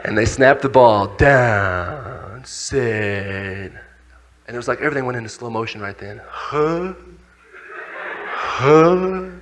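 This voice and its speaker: A young man giving a motivational talk to a youth audience, telling a story with acted-out voices and shouts. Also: medium pitch, expressive, slow pace, long pauses. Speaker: youth speaker.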